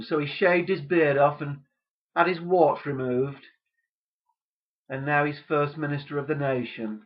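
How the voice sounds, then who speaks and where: A man delivering a deadpan comic rant in a gloomy, hesitant way. His voice sits at an ordinary pitch. The recording sounds dull and lo-fi. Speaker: comedy podcast host.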